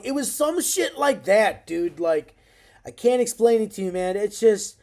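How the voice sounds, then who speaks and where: Man, thirties, excitable, swears constantly, slangy fight recap, mellow dark voice. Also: high voice, unhurried. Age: 30s. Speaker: MMA fight recap vlogger. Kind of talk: casual fight recap monologue.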